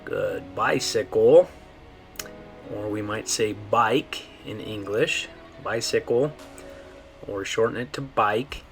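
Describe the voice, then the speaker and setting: A man teaching a pronunciation lesson, saying each model word slowly and checking in often with the class. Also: lowish voice, fairly even intonation, fairly bright tone, faint music behind. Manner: slow, drawn-out model words with frequent "okay?" checks. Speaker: Spanish teacher.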